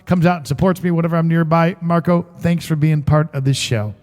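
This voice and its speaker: A man's voice: a little high, brisk, a little mellow, big-room sound. A man hosting a casual music livestream, chatting and joking with viewers and greeting them by name. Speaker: musician and livestream show host.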